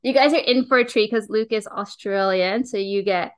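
A woman hosts a podcast with eager, gushing warmth in her words, her pitch sitting in an ordinary middle range. She talks in a loose, chatty way, piling on praise for her guest. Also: moderate pace, clean tone. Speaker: podcast host. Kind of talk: casual podcast interview.

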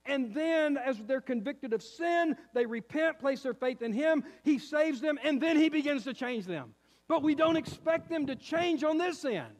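A pastor in his fifties preaches to his church, telling a story with lively acted-out quotes. His man's voice sits notably high. The sound carries the long reverb of a church sanctuary. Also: normal speed. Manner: animated storytelling, acts out quotes. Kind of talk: sermon with personal story.

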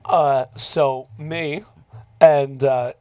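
A man's voice: medium pitch, very slow, dry recording, clean studio sound. A man telling a story in casual podcast talk, swearing freely and acting out the voices of the people he quotes. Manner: profane, animated, acts out quoted voices.

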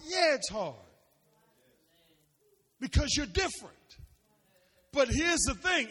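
A man preaching a sermon as pastor, calling out questions for the congregation to answer and sometimes shouting. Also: extremely high pitch, very animated, takes it slowly, pauses often, breathy edge. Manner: preachy call-and-response, rising to shouts. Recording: long reverb of a large hall.

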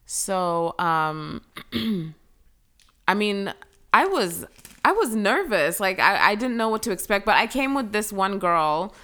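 A young woman telling a personal story as a guest in a casual chat, full of fillers and lively retelling. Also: medium pitch, slow. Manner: chatty, filler-heavy, animated retelling.

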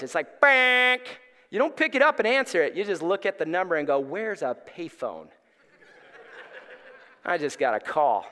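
A middle-aged male pastor preaching in a church, his voice high and bright as it swings up and down through a lively story. Long reverb from the hall trails each phrase. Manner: animated, acts out voices in his stories. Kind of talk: storytelling sermon. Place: church sanctuary.

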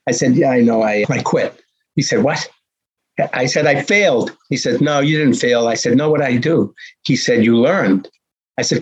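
A man in his sixties from the Boston area, telling his life story as a guest with animated, punchy repetition and acted-out dialogue. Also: medium pitch, normal speed, slightly rough. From Boston area, USA. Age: 60s. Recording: dull lo-fi recording.

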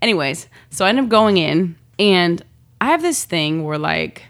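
Woman guest, slightly low voice, chatty and animated, slang-heavy storyteller. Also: normal speed. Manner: animated, slangy, laughs often, quotes herself. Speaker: guest, model. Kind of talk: casual storytelling chat.

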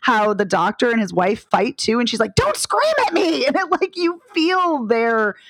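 A woman co-hosting a casual film discussion podcast, enthusiastic and quick to laugh. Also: on the high side, fairly bright tone, no echo. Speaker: podcast co-host.

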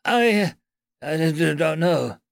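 Man putting on a jittery male alien diplomat, stammering, high-strung, storybook reading, dry sound. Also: animated, moderate pace, no room sound. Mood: panicked.

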